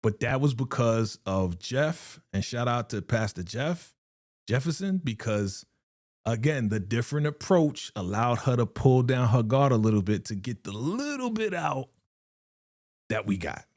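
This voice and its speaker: A man's voice: medium pitch, measured pace, dry recording, studio quality. A man hosting a live reaction stream in a casual, slangy way, repeating phrases and sighing often. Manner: animated, slangy, repeats phrases, frequent sighs.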